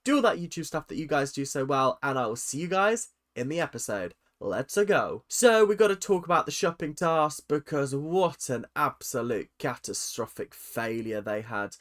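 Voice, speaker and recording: A young British man gives casual commentary straight to his viewers, sassy and animated. His voice sits a little high for a man. He sounds like a YouTuber recapping a reality show. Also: moderate pace, hardly any pauses.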